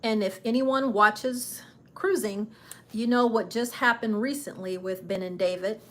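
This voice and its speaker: A woman's voice: medium pitch, fairly even intonation, measured pace. A woman hosting a travel channel live stream, chatting casually and enthusiastically with frequent fillers while seated in front of the camera. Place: indoors, seated before the camera.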